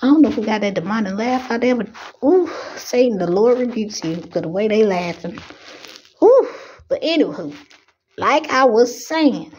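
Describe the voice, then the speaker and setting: A woman's voice: medium pitch, a little mellow, breathy edge, muffled recording. A young adult woman, preaching with rising fervor and fighting back tears. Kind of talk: impassioned preaching.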